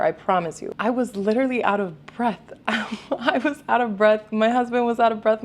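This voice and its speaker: A young woman photographer giving casual vlog advice, emphatic and repeating her points, sometimes swearing offhand. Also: fairly high pitch.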